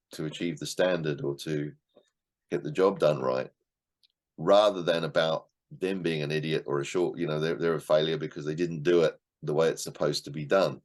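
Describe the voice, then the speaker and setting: A middle-aged man leading an online class discussion of a book, in a conversational way, repeating words and acting out short quotes. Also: very deep voice. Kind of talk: casual teaching talk to an online class.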